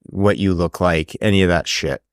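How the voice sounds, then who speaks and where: A deep-voiced man with a Canadian accent co-hosts a casual podcast chat at a moderate pace, in clean studio sound with no room noise. Animated, he swears a lot and often restarts his sentences.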